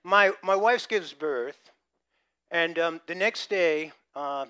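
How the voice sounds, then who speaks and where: A man's voice: on the high side, slow, pushed and bright, smooth. A middle-aged male pastor preaching a sermon, telling jokes and acting out funny stories from his own life. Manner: storytelling with jokes and acted-out gasps.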